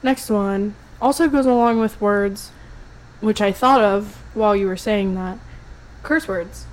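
A woman's voice: medium pitch, a little slow, poor audio. A young American woman co-hosting a podcast, chatting casually in cheeky, laughing banter and swearing freely. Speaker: podcast co-host. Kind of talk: casual chat.

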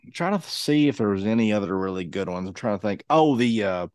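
A man's voice: fairly low pitch, lively intonation, fast, darkish tone, clean tone, no echo. A man, co-hosting a podcast in casual chat, rambling with many fillers and restarts. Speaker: podcast co-host.

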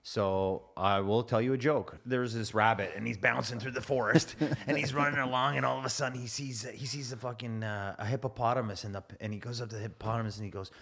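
A man co-hosting a contractors' podcast, an animated storyteller who laughs often in casual chat. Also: mid-range voice, fast, gravelly, few pauses. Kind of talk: casual chat and joke telling.

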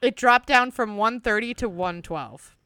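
Young woman telling a true crime story, casual asides, smooth voice, dry close sound. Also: a little high, unhurried, pushed and bright, no echo. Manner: reads notes with chatty asides and frequent laughter. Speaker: podcast co-host.

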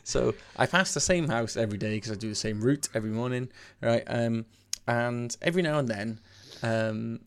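Gravelly-voiced joking man. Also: mid-range voice, normal speed, few pauses. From Wales. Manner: jokey, swearing, reads out his notes with a laugh. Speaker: podcast co-host. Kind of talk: casual chat.

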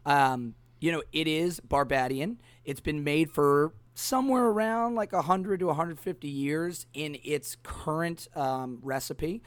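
A man's voice: a little high, measured pace, hardly any pauses, no room sound. A man hosting a casual cocktail podcast, talking in a rambling way with many fillers. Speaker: podcast host. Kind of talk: casual chat about cocktails.

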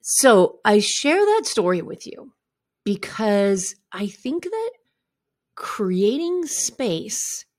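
A woman's voice: medium pitch, big pitch swings, extremely slow, no room sound, studio quality. A middle-aged woman hosting a podcast, telling a personal story in a candid, conversational way and often checking in with "right?". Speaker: podcast host.

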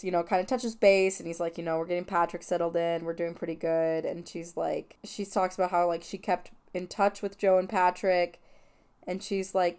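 A woman's voice: on the low side, a little mellow, clean tone. A woman hosting a film podcast, retelling a movie scene by scene in an emotional, gushing, chatty way. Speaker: podcast host. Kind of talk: casual film recap.

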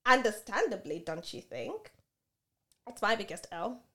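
A woman co-hosting a casual podcast, telling a story with animated delivery and acting out both sides of an argument. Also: medium pitch, unhurried. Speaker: podcast co-host.

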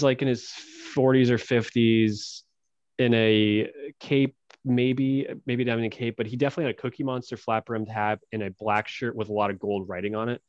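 A man's voice: mid-range voice, clear, resonant tone, dry recording, dull audio. A man who is a guest on a podcast, telling a story in a laid-back, profane way. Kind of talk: casual storytelling.

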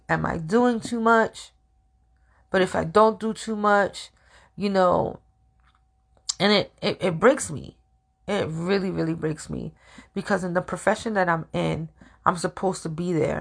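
A woman hosting her own podcast, talking through a personal monologue in a halting, emotional way and often repeating her words. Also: lowish voice, creaky. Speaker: podcast host.

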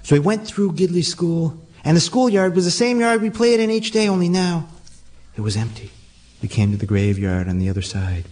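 A man's voice: a little high, expressive, normal speed, a little mellow. A man performing a spooky childhood story aloud with dramatic, suspense-building delivery.

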